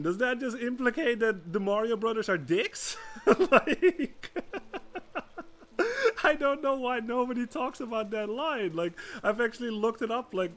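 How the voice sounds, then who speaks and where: A man's voice: extremely high pitch, animated, unhurried, a bit bright. A man streaming a video game, chatting casually as he plays, laughing often and swearing freely. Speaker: gaming streamer. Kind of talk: gameplay commentary.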